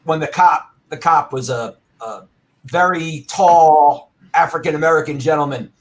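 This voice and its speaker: A man telling a story with animation and a loud, bellowing voice at times, as a guest on a talk show. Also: fairly high pitch, unhurried. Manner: loud, bellowing when acting out his anger. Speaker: arcade owner and guest.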